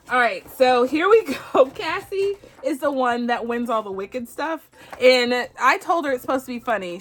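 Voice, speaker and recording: A woman's voice: a little high, fairly bright tone. A Bajan woman hosting a budgeting vlog, chatting casually and giggling as she plays a savings game. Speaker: budgeting channel host.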